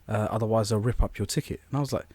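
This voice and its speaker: A man's voice: fairly low pitch, fairly even intonation, racing, a little mellow, husky, dry recording. A young man co-hosting a podcast, rambling through an anecdote and acting out quoted voices. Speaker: podcast co-host. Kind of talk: casual storytelling chat.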